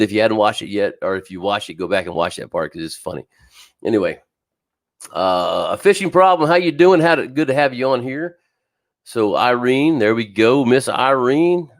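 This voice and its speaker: A man hosting a live fishing show, chatting casually, greeting viewers by name and laughing often, with an occasional wheeze. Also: fairly low pitch. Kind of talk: casual live-stream chat. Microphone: streaming setup, talking to camera.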